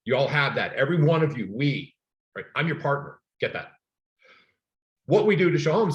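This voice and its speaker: Energetic man coaching real estate agents. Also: mid-range voice, a little fast. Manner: energetic, emphatic coaching with personal stories. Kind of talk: training class for agents.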